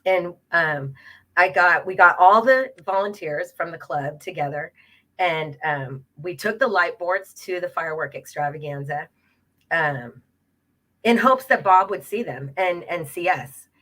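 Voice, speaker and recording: A woman's voice: lowish voice, measured pace. A woman, a local progressive club president, telling a campaign story casually, with many fillers and acted-out quotes. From Los Angeles area, California. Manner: animated, many fillers, acts out quoted exchanges. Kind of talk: casual storytelling on a web talk show.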